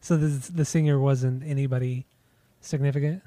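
A man's voice: medium pitch, steady tone, moderate pace, dark tone, no room sound. Laid-back, stammering male host. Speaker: podcast host. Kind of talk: casual chat.

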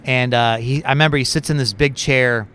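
A man co-hosting a podcast, telling a story in a casual, animated way with plenty of fillers. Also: mid-range voice, fairly quick, clear, resonant tone. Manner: animated, chatty, lots of fillers and laughs. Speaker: podcast co-host.

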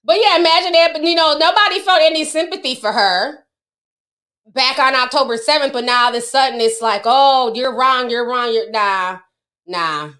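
A woman's voice: sits high, normal speed, bright, forceful tone. A middle-aged woman hosting a casual livestream, chatting with her viewers and laughing often. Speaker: livestream host.

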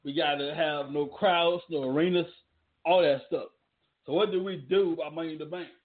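A man's voice: on the high side, steady tone, moderate pace. Emphatic man, tinny sound. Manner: loose, emphatic, repetitive rhetorical questions. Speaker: wrestling talk host. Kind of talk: casual commentary with ad reads. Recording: tinny phone-like audio.

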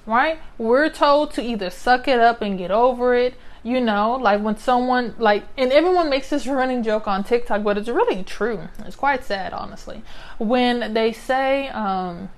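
Young adult woman, somewhat high voice, casual reflective monologue, conversational, frequent "right?" tags. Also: unhurried. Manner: conversational, often adds "right?" as a tag. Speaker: speaker sharing personal reflections.

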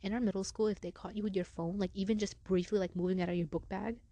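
A woman's voice: medium pitch, steady tone, fast, warm tone, dry recording. A young woman hosting a podcast, telling a story in casual chat and leaning on "like" a lot. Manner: chatty, lots of filler "like". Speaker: podcast host.

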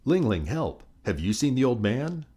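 A man voicing a small boy who yells for help in a breathless hurry. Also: medium pitch, sing-song, moderate pace, breathy edge, voice pushed up. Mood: frantic. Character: frantic little boy, the younger brother.

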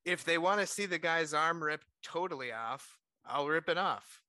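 A man's voice: on the high side, animated, moderate pace, sharp tone, no echo, clean studio sound. A man co-hosting a podcast in casual, playful chat, running a quote-guessing game and laughing often.

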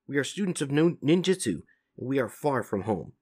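A man's voice: mid-range voice, big pitch swings, a little fast, a little mellow, slightly rough, voice pushed up. A man voicing an earnest, polite young turtle leader in a comic read-aloud.

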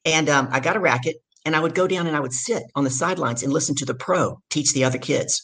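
A middle-aged woman from the States, telling her story as a guest in an energetic, emphatic way. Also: low voice, fast, breathy edge. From southern United States. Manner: energetic, emphatic storyteller who acts out quotes. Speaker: guest, business speaker. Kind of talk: storytelling in a conversation.

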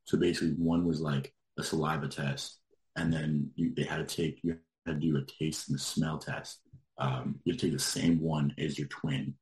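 A man with an extremely low, deep voice, chatting casually and rambling through a story with lots of filler words. He sounds like he's in a roomy, echoey space. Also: little pitch movement, moderate pace, a little mellow. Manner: rambling, lots of likes, laughs while telling. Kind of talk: casual chat.

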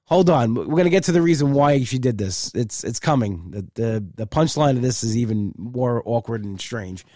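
A man's voice: medium pitch, lively intonation, moderate pace, mellow, no echo, clean studio sound. A male comedian telling a story casually and chattily, acting out both sides with repeated "I said".

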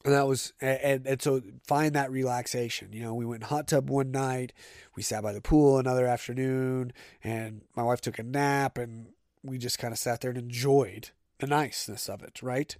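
A man's voice: mid-range voice, fairly even intonation, moderate pace, darkish tone, dry recording. Chatty male podcast host, dry sound. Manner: chatty, conversational storytelling. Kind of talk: casual solo podcast monologue.

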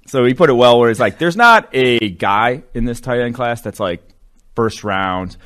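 A man's voice: medium pitch, expressive, moderate pace, fairly bright tone. A man co-hosting a sports podcast, talking loosely and rambling with lots of fillers. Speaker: podcast co-host, draft analyst. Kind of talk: casual sports podcast chat.

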